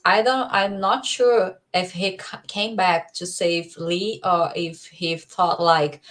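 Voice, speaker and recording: A woman's voice: lowish voice, fairly even intonation, slow, fairly bright tone. A woman co-hosting a casual review chat, hesitant with small laughs. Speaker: podcast co-host.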